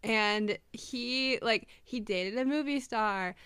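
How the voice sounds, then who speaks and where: A woman's voice: fairly high pitch, slow, a bit bright, clear, resonant tone, dry recording. A young woman co-hosting a podcast, chatting casually with lots of fillers and frequent laughter. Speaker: podcast co-host. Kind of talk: casual chat.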